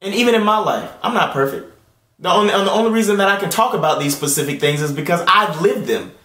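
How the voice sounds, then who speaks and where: A man in his late twenties giving an earnest personal faith testimony at home. He moves between hushed, tearful passages and loud, excited ones. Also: high-pitched, quick pace, reverberant. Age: late 20s. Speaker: Christian video host. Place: indoor room at home.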